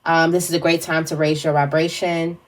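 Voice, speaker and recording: Casual female tarot reader with a lower voice, musing aloud in a loose, rambling way. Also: level tone, brisk. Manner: meandering, thinks aloud with fillers and restarts. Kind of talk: casual spiritual reading to camera.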